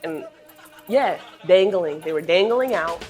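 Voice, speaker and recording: A young woman quietly recounting a childhood accident in a wry, personal way. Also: lowish voice, lively intonation, unhurried, soft background music. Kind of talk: personal storytelling.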